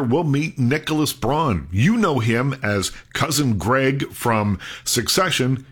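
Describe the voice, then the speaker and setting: A man's voice: medium pitch, a bit bright, slightly rough. Man hosting a radio talk show. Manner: brisk, announcer-like segment teasers. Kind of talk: host interview and show promos.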